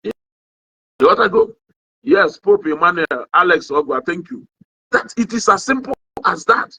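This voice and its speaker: A young man with a Nigerian Igbo accent, talking to a livestream audience in a casual monologue. He switches between languages, keeps asking "you understand?", and his pitch swings a lot as he talks. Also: very animated, normal speed, gravelly, sharp tone, breathy edge. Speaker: online commentator. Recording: dull lo-fi sound.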